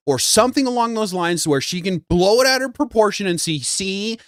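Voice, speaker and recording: A man co-hosting a live stream, giving rambling, mocking casual commentary and often mimicking people in a higher voice. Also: very animated, moderate pace, few pauses, fairly bright tone, no echo, studio quality. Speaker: co-host.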